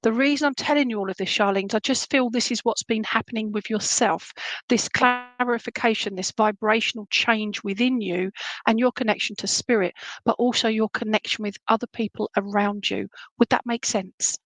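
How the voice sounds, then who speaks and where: A woman's voice: fairly high pitch, steady tone, moderate pace, dry recording, poor audio. A woman giving a live psychic reading to one viewer, rambling and affectionate, often stopping to ask whether what she says makes sense. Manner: warm endearments, rambling, frequent "would that make sense?" check-ins.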